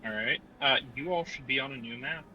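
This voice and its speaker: A man running a tabletop game as game master, calmly explaining rules step by step. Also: mid-range voice, brisk, muffled recording, a little hiss or hum.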